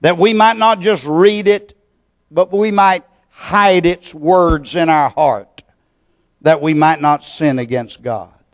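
A man preaching a sermon and leading a prayer, with a deliberate, measured delivery full of pauses. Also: on the high side. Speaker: pastor.

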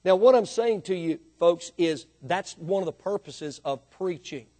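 Male pastor, high voice, emphatic sermon delivery, quiet to loud swings. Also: expressive, unhurried.

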